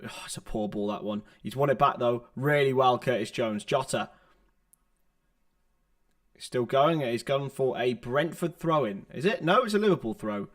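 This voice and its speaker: A young man hosts a football watchalong livestream, calling the play-by-play and chatting with viewers through his laptop's built-in mic. His medium-pitched voice has lively intonation and a moderate pace.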